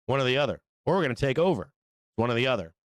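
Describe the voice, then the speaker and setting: Blunt, profane market-show host, smooth voice. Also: male voice, mid-range voice, lively intonation, racing, no room sound. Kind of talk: casual market commentary.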